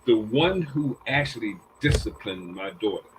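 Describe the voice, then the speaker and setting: A man's voice: on the low side, expressive, moderate pace, slight background noise, rough recording. An older man casually telling family stories, acting out what people said and repeating phrases as he goes. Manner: acts out quoted dialogue with a raised voice. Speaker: panel guest. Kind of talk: casual storytelling.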